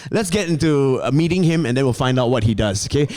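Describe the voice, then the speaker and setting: A man's voice: medium pitch, lively intonation, quick pace, darkish tone. Chatty male podcast host. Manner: chatty, laughs often, drops "lah" into sentences. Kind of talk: casual podcast chat.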